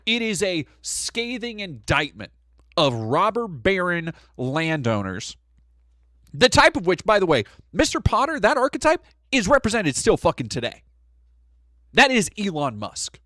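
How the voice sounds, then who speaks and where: A man ranting on his live stream, swearing freely. His fairly high voice swings all over the place, and the sound is dry and close, from a home setup. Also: measured pace, no echo. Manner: profane, animated, ranting. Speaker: streamer host. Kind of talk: casual live-stream rant.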